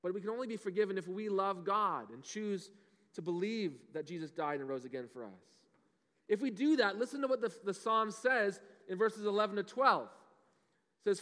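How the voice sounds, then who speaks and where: A man in his thirties leads an animated children's sermon, tossing questions out to the young listeners as he goes. His voice sits high and carries. A long reverb trails behind each phrase, as if he stands in a large hall. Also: normal speed. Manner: animated, asks the kids questions. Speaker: children's pastor. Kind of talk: kids' sermon.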